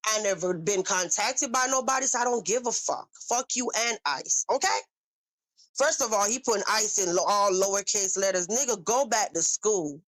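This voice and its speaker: A woman's voice: mid-range voice, normal speed, a bit bright. A woman hosting a livestream, ranting angrily and profanely at critics in a confrontational way, with a Southern US accent. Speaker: livestream host. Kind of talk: heated livestream rant.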